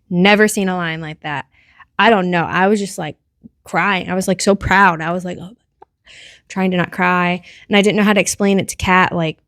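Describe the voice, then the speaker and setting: A woman in her thirties talks through a casual solo podcast, rambling and chatty with plenty of "like" along the way. Her pitch sits in an ordinary middle range. The sound is close and dry, with no room in it. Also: no room sound. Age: 30s. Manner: chatty and rambling, heavy use of "like". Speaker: podcast host.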